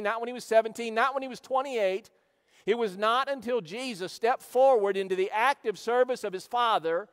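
High-voiced preacher in a reverberant church. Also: male voice. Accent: Midwestern American. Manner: preaching with call-and-response, swelling loud then dropping low. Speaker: pastor. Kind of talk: sermon. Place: large church sanctuary. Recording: long hall reverb in a church.

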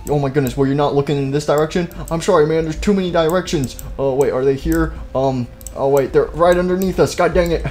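A man runs a silly role-play over a sandbox game, whispering through sneaky moments and yelping when things go wrong. His voice sits a little high for a man and has a mellow, dark tone. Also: fairly quick, few pauses, faint music behind. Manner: goofy, excitable, switching between hushed sneaking and loud panicked yelps. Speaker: gaming video host.

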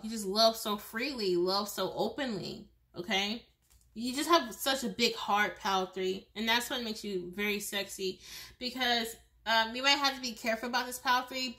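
A woman with a bright, forward voice gives a pick-a-card tarot reading. She talks straight to the viewer in a loose, chatty way, often restarting her sentences and breaking into laughs. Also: on the high side. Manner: speaks directly to the viewer. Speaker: tarot reader.

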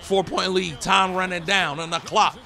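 A man calling his own basketball game with cocky trash talk, his high voice grainy with fry. He has a bright, sharp edge and keeps breaking into sing-song lines. Faint music plays underneath. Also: fairly even intonation, normal speed. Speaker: gaming YouTuber. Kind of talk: hyped gameplay commentary.

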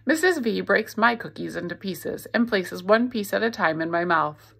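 A woman's voice: medium pitch, moderate pace, vocal fry, breathy edge. A woman reading a novel aloud, expressively voicing the narrator. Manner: expressive storytelling. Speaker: reader.

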